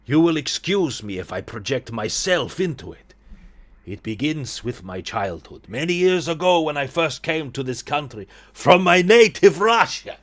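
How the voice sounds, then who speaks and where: A man reading the lines of an earnest young man telling a dark folk tale, in a solemn storytelling manner. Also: on the high side, big pitch swings, normal speed, pitched above the performer's own voice.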